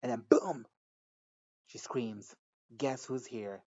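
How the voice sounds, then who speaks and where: A man recapping a TV episode in a casual reaction video, talking in an animated, profane way and laughing often. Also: mid-range voice, slow pace, slightly rough, dry recording, highs cut off.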